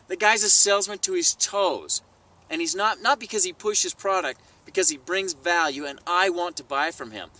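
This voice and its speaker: A man telling a sales story to camera in a vlog, animated and acting out the people he quotes. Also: high voice, moderate pace, recorded from a distance, low-quality recording. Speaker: sales trainer. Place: outdoors.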